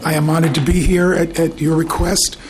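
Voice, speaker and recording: Middle-aged man, high voice, measured and courteous presenter, table mic, faint hum. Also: level tone. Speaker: invited presenter, program team leader. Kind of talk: formal testimony. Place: legislative committee hearing room.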